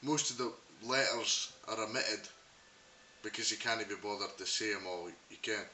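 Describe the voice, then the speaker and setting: A man's voice: lowish voice, moderate pace, sharp tone. A Scottish man in a casual comedic monologue, wry and mocking, rambling with fillers. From Scotland. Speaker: vlogger. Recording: roomy, distant mic with hiss.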